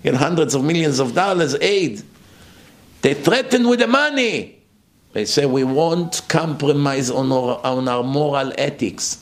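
A man giving a sermon-style lecture as a rabbi, emphatic and full of rhetorical questions, with his voice swinging up and down for effect. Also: medium pitch.

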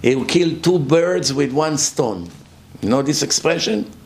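Sex: man. Role: rabbi. Style: sermon-style lecture. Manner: emphatic, rhetorical questions. Pitch: slightly high. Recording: faint hiss. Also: expressive, measured pace.

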